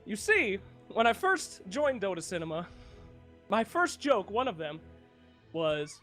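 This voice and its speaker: A young man casually telling a funny anecdote, animated and excitable, swearing freely. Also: high-pitched, a little slow, faint music behind. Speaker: video creator.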